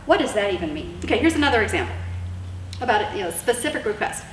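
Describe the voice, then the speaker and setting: A woman's voice: fairly high pitch, fairly bright tone. A woman giving casual, earnest marriage advice to wives, with lots of fillers and restarts. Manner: chatty and earnest, many fillers and repeated words. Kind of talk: casual instructional talk. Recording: echoey room, mic at a distance, faint hiss.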